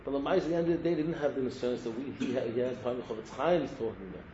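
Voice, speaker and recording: A man's voice: mid-range voice, rapid-fire, dark tone, roomy sound, highs cut off, slight background noise. A man giving an impassioned Torah sermon, exhorting his listeners and returning again and again to the same form of address. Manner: exhorting, repeats a refrain of address, mixes Hebrew terms. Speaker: rabbi giving a Torah talk.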